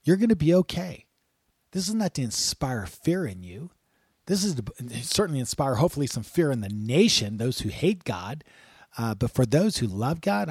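A man's voice: mid-range voice, darkish tone, slightly rough, no echo, studio quality. A man hosting a Christian radio talk show, telling stories and urging listeners not to fear. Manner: earnest and encouraging, rising to exhortation.

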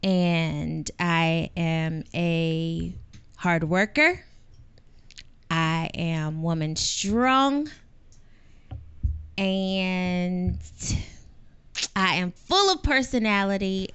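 Slow, smooth-voiced woman podcast host. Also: fairly low pitch, fairly bright tone, dry recording, lo-fi sound. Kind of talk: casual chat.

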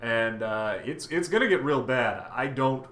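A man's voice: medium pitch, a little slow. A man co-hosting a casual comic book podcast, retelling the plot with energy and acting out the characters' lines. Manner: animated storytelling, acting out quotes. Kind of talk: casual recap chat.

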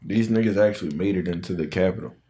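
A man's voice: deep voice, fast talker, mellow. A man co-hosting a casual podcast chat, blunt, profane and joking. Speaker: podcast co-host.

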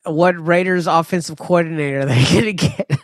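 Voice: mid-range voice, normal speed, no room sound, clean studio sound. A podcast co-host who chimes in with short, teasing questions in casual chat.

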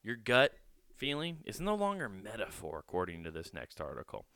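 Sarcastic joking podcast host, low and smooth. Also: male voice, huge pitch swings, moderate pace, sharp tone, dry recording, clean studio sound. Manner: sarcastic and joking, laughs at his own bits, swears casually. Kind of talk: comedic podcast commentary.

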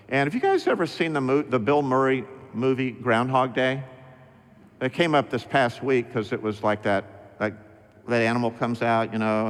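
A middle-aged male pastor delivering a sermon with emphatic, slow, repeated refrains. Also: mid-range voice. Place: church sanctuary. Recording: long reverb of a church hall.

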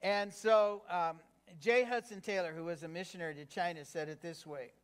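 A man's voice: a little high, normal speed. A man preaching a sermon as pastor, conversational and engaging, often asking the congregation questions. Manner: conversational with fillers.

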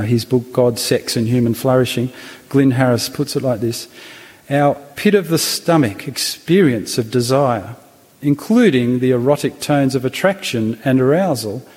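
A man's voice: medium pitch, a little mellow. A male preacher delivering a sermon to a church congregation. He speaks thoughtfully, stopping and restarting as he works through his points. His voice rings with a long hall reverb. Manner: hesitant, with restarts and thoughtful pauses.

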